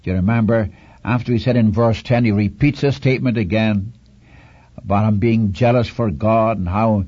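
A male preacher with a low, mellow, husky voice delivers an earnest sermon. He retells scripture with rising drama and pleads with his listeners, repeating his key points. The sound is dry and dull, like an old lo-fi recording. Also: fairly even intonation, normal speed, no room sound.

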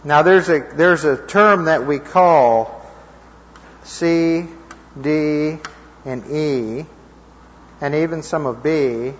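A man giving an informal Bible teaching to a live group, conversational and checking in with his listeners, his voice a little hoarse. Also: on the high side, drawn-out words, long pauses. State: slightly hoarse. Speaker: preacher teaching a class. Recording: dull lo-fi recording in a reverberant hall.

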